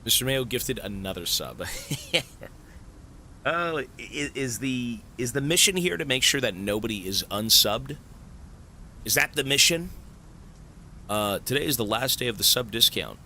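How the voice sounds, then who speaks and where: Excitable swearing male streamer, bright voice. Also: medium pitch, moderate pace, slight background noise. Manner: excitable, swearing, shouts in surprise. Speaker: Twitch streamer. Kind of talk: live stream chat with viewers.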